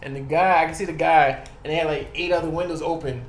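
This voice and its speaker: A man with a slightly high voice tells stories on a podcast and acts out the voices of the people he quotes. He talks loosely and casually and laughs often. The room is echoey, with a faint hiss behind him. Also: steady tone, quick pace. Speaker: tattoo artist guest. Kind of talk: casual storytelling interview.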